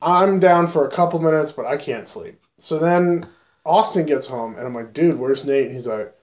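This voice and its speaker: A man's voice: on the high side, lively intonation, moderate pace. A young man in his twenties telling a rowdy drinking story in casual chat, laughing and acting out his friends' voices.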